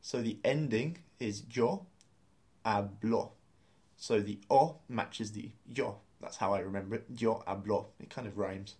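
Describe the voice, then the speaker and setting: Low-voiced man teaching patiently. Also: unhurried, darkish tone. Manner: patient, methodical explanations with spelled-out letters. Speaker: language teacher. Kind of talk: explaining a lesson.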